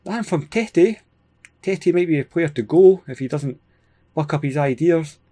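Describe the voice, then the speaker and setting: A Scottish man hosting a gaming video, giving casual, excitable play-by-play with frequent chuckles. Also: fairly high pitch, moderate pace. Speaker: gaming channel host. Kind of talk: casual let's-play commentary.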